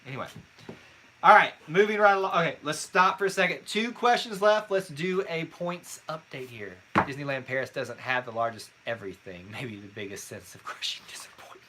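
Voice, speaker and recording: Lively teasing male trivia host. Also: a little high, a little hiss or hum. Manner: teasing, brisk quizmaster reading scores. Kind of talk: casual live-stream trivia chat.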